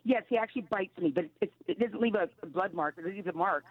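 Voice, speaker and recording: A woman caller on a radio call-in show, talking in halting, restarting phrases. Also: mid-range voice, dry recording. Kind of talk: phone call-in. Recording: dull phone line.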